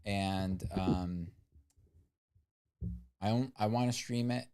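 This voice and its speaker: A man's voice: fairly low pitch, takes it slowly, dark tone, smooth. A man co-hosting a casual livestream, talking in a rambling, skeptical way with lots of "like" and "um.". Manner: rambling and skeptical, many "like" and "um" fillers. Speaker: livestream co-host.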